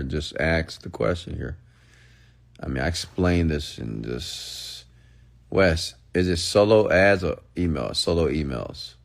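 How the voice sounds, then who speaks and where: Host, male, very low voice, loose unscripted rant, dry close sound. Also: gravelly, no room sound. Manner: casual, repetitive, peppered with "okay?" and "get it?". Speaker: online marketing host.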